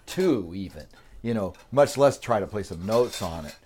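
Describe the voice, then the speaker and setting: A man's voice: fairly low pitch, expressive, normal speed, mellow, slight background noise, pitched below the performer's own voice, close to an everyday voice. A man voicing an exasperated music store clerk who answers with incredulous sarcasm.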